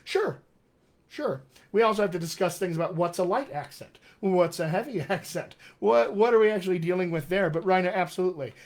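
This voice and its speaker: Animated and brisk, this articulate dialect coach booms out viewer comments on a live stream and responds to them warmly. His General American accent carries hints of West Texas and upstate New York, picked up by a webcam or computer mic.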